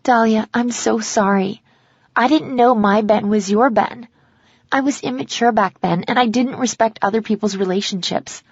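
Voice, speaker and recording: A woman's voice: on the high side, moderate pace, husky, no room sound, dull audio. A woman voicing an anxious young college girl. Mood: earnest. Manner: earnest, emotional.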